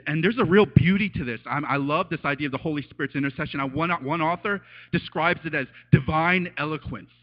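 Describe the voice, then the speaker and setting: A man preaching a casual, animated sermon as a pastor, telling stories and acting out voices with laughs. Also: on the high side. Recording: dull lo-fi sound.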